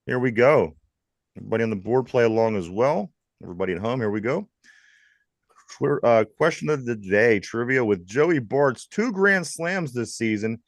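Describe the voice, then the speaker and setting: A man's voice: medium pitch, moderate pace, no room sound. Chatty Pittsburgh man hosting sports talk. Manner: lively, jokey, laughs often. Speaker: host.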